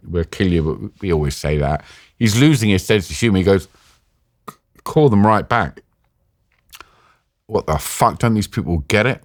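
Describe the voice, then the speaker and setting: A man telling a tense personal story in a casual, animated way, acting out quotes. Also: deep voice, no echo, clean studio sound. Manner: animated, acts out quotes with swearing. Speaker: interview guest, former hostage.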